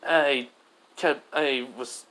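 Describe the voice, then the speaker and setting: Tired earnest teen hero boy, rambling, bright tone, man doing the voice. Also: medium pitch, steady tone, drawn-out words, low-quality recording. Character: weary young male hero student, earnest.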